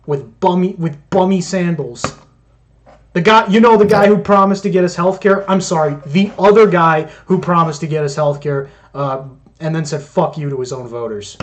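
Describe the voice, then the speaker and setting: High-voiced sarcastic man mocking clips. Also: normal speed. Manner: mocking, sarcastic, heavy swearing. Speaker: commentator reacting to clips. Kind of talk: profane sarcastic commentary.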